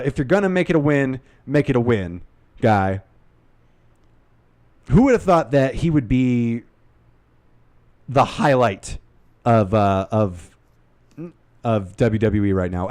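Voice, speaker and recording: A man's voice: medium pitch, a little mellow, no room sound. A man hosting a casual, unscripted recap of a show, rambling and opinionated and swearing freely. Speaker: YouTube wrestling recap host.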